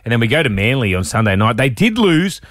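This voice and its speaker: Young Australian male radio host, animated and cheeky, quick delivery, dry close mic. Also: medium pitch, dry recording. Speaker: radio breakfast show host. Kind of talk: casual sports radio banter. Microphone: studio microphone.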